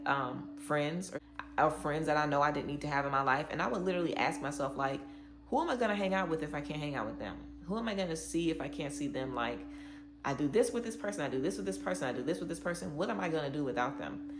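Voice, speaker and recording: Low-voiced emphatic woman tarot reader. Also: echoey room, slight background noise. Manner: emphatic, preachy, repeats words for stress. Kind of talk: direct-to-camera tarot reading.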